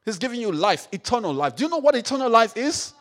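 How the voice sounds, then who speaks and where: A man preaching a sermon, repeating phrases, firing questions at the congregation and rising to shouts. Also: extremely high pitch, big pitch swings, fast talker. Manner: call-and-response, repeats phrases, rises to shouts; rhetorical questions to the audience.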